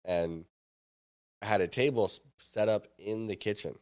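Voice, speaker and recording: A man in his younger adult years tells a story with plenty of drive, acting out the voices of people in it. His voice sits a little on the low side. He talks like a guest on a relaxed podcast. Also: a little slow. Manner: lively anecdote-telling, acts out others' lines. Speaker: podcast guest, startup founder and former chef. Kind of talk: animated storytelling.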